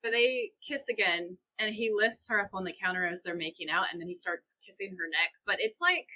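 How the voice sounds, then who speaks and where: A woman's voice: lowish voice, brisk, bright, forceful tone, slight background noise, low-quality recording. A young woman co-hosting a podcast, animatedly retelling scenes and quoting the characters in her own voice. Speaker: podcast co-host. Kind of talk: casual recap chat.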